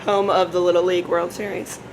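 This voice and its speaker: A woman co-hosting a casual podcast, laughing easily and speaking in an unhurried way. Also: lowish voice, little pitch movement, a little hiss or hum, low-quality recording. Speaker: podcast co-host. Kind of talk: casual chat. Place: bar in a bookstore.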